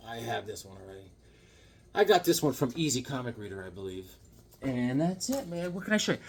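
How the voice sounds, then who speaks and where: A man's voice: mid-range voice, lively intonation, normal speed, long pauses, a little mellow, slight background noise. A man chatting casually in a comic haul vlog, laid-back and full of slang. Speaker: comic book collector.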